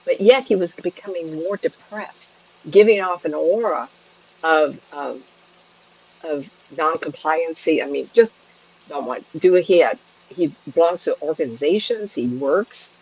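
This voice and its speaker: A middle-aged woman psychic medium telling a story in a chatty way, laughing often and throwing in lively asides. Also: low-pitched, a little slow, slightly rough, rough recording. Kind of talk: storytelling to a camera.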